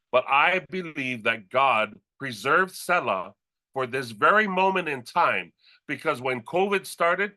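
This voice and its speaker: A man speaking as a company leader in an energetic motivational stage speech, animated and playful. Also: medium pitch. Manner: animated, playful, breaks into sound effects and laughter. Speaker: company leader presenting new executives.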